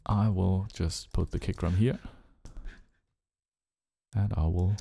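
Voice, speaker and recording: A man with a German accent chatting casually during a live music-production stream, musing and relaxed, humming rhythms and trailing off. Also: sits low, unhurried, creaky, pauses often. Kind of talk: casual live-stream chat while working.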